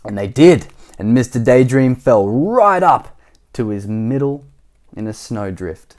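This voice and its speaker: A man's voice: medium pitch, lively intonation, unhurried, darkish tone. A man from Australia, reading a children's storybook aloud and adding playful chatty asides to listeners. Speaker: storybook reader.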